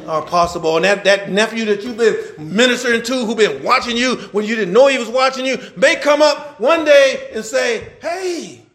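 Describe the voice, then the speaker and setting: A male pastor preaching a sermon, swinging from loud shouting to quiet asides, with colloquial talk and lots of repeated words. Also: very high-pitched, normal speed, few pauses.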